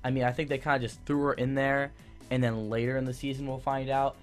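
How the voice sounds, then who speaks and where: A man's voice: mid-range voice, little pitch movement, fast, faint music behind. A young man giving a casual, enthusiastic TV review that rambles, with many fillers and restarts. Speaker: YouTube TV reviewer.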